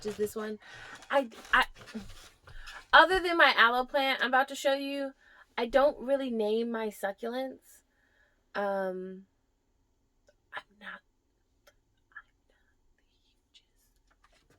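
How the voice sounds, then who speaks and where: A young woman strolls through a casual vlog about her houseplants, speaking in an unhurried, fairly high voice. She coos fondly at each plant. Now and then her voice falls to a soft near whisper. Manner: drops to a near whisper at times. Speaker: plant vlogger.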